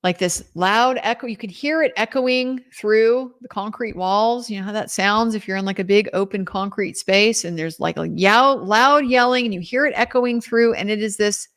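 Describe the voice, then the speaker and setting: A woman's voice: mid-range voice, moderate pace, few pauses, a bit bright. A woman as a legal commentator, giving a casual trial recap in a conversational way with lots of filler words.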